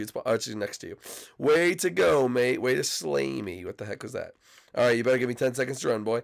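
A man with a cold hosting excitable, rambling gameplay commentary. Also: medium pitch, fairly quick, gravelly, soft background music. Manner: excitable, rambling, shouts out to friends. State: sick, coughing. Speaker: YouTube gaming host.

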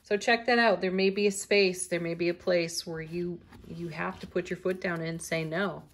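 Casting note: middle-aged woman, tarot reader, lowish voice, gentle and spiritual, laughs easily. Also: steady tone, moderate pace. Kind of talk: daily tarot reading to camera.

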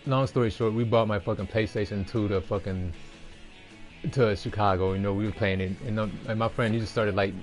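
A man's voice: on the low side, fairly even intonation, fairly quick, faint music behind. A man in his forties streaming a golf game, rambling and swearing heavily with frustrated outbursts. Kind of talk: casual chat while playing.

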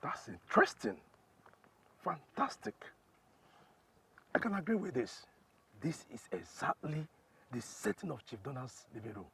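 An actor with a Nigerian accent playing a scheming politician who gloats over a rival, in a film drama. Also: male voice, medium pitch, big pitch swings, normal speed, vocal fry, pushed and bright, slight background noise, heavily acted. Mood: pleased.

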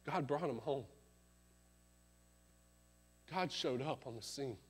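A man preaching at a church revival service, telling a story dramatically, swelling loud and then dropping to a hush. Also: medium pitch, takes it slowly, husky. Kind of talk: sermon storytelling.

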